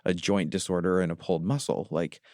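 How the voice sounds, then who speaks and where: A man with a low voice talks earnestly in a reflective podcast chat, often pausing to find his words. The sound is dry and close, with almost no room around it. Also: fairly even intonation, a little mellow, no room sound. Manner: earnest, confessional, searching for words. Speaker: podcast co-host.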